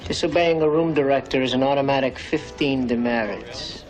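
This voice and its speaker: An actor playing a bossy, leering club room director who gives orders to a waitress. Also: male voice, medium pitch, normal speed, a little mellow, lightly acted, low-quality recording. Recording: music playing behind.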